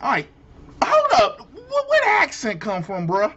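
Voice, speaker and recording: A man's voice: extremely high pitch, wildly swooping pitch, unhurried, a bit bright, lo-fi sound, slight background noise. A man hosting his own show, ranting in casual commentary with incredulous, exclamatory outbursts. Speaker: show host.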